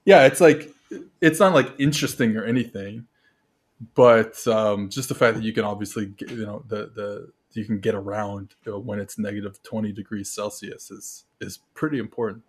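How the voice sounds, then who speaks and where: A man's voice: on the low side, steady tone, moderate pace, husky. A man from Montreal, a guest on a podcast, talking earnestly and rambling, with lots of "like" and "you know". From Montreal, Canada. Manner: rambling, filler-heavy, earnest. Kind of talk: casual podcast chat.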